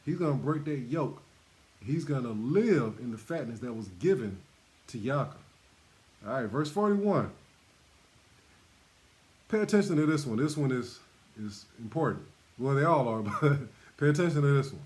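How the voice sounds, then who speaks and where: Guy teaching bible verses, sermon style, repeats himself a lot, animated voice. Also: medium pitch, normal speed, pauses often. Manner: repetitive, emphatic, laughs between points.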